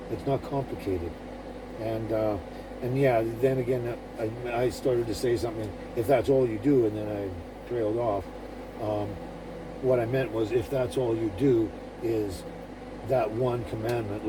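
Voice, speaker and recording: A man talking casually to camera, rambling with many fillers and restarts. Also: lowish voice. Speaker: vlogger. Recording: distant mic with background noise.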